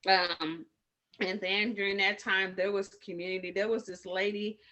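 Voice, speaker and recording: A woman's voice: mid-range voice, steady tone, moderate pace, sharp tone. A woman teaching community medics informally, rambling and correcting herself as she tells stories from the street in casual slang. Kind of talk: informal training talk with personal stories.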